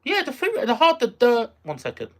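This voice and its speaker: Fairly quick and medium-pitched, this voice swoops wildly up and down. The streamer chats casually with their audience, rambling, repeating lines, and trailing off while searching for words, answering viewer messages aloud.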